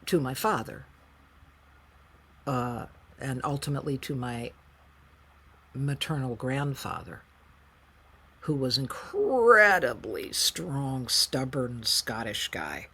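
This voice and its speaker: A middle-aged woman from the United States, a singer-songwriter telling her story as an interview guest in a frank, emotional, animated way. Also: a bass voice, breathy edge. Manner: frank, emotional, animated retelling with quoted voices. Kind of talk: candid conversational storytelling.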